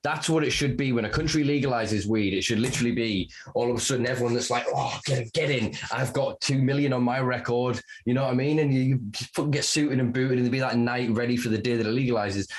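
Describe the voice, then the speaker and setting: A man talking as a guest on a podcast, loose and conversational. He rants with heavy swearing, pushes his points hard, and laughs darkly at grim facts. His voice sits at an ordinary middle pitch. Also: quick pace. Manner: animated, profane ranting; laughs to cope.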